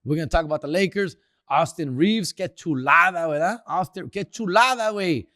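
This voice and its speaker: A man rants about sports in a loose, profane street drawl, tossing in Spanish slang. His voice sits a bit high for a man. The sound is dry and close, with no room around it. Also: brisk, sharp tone, no room sound. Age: older. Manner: slangy, profane, mixes Spanish words into English. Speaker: comedian hosting a sports segment. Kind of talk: casual sports rant.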